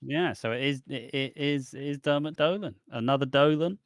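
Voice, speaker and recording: A man's voice: medium pitch, moderate pace, no room sound, clean studio sound. A man co-hosting a podcast, chatting casually about a soap opera with a laid-back manner. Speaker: podcast co-host.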